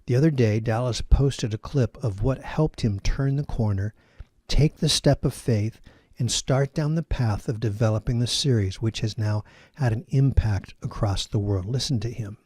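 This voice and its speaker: Mellow-voiced male pastor teaching. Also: mid-range voice, normal speed, breathy edge, no echo, studio quality. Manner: steady, earnest and encouraging. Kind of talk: sermon teaching.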